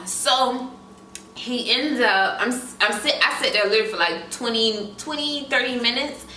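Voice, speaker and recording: A young woman tells a casual storytime in an animated way and keeps turning to her viewers with asides. Her voice is bright and sits a bit high. The room is echoey, with faint background noise and the mic placed some way off. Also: moderate pace, distant mic. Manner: animated, talks straight to viewers with lots of asides. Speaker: vlogger.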